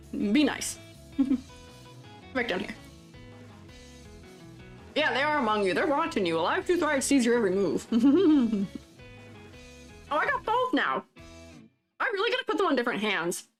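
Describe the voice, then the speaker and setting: A woman's voice: a little high, very animated, a little slow, long pauses. A woman streaming as she draws. She chats casually, laughs often and reads viewer comments aloud. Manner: playful and teasing with chat. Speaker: streamer reviewing avatar designs. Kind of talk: casual live-stream chat while drawing. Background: faint background music.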